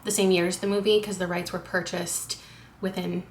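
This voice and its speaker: A young adult woman chatting casually as a book vlogger, animated and quick with asides, laughing often. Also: on the low side, gravelly, a little hiss or hum. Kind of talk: casual chat.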